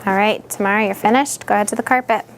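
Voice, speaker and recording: A woman's voice: mid-range voice, fairly even intonation, fast talker, a little hiss or hum. A woman teaching young students in a classroom, leading them patiently with repeated questions.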